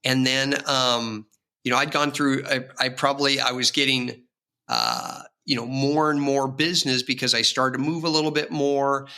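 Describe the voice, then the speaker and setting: A man's voice: medium pitch, moderate pace, sharp tone, clean tone. A man, a real estate agent guest on an interview podcast, telling rambling, vivid personal stories with frequent restarts. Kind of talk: casual storytelling interview.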